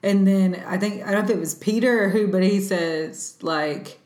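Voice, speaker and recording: A woman co-hosting a faith discussion, chatty and animated, with lots of fillers. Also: mid-range voice, moderate pace. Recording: echoey room.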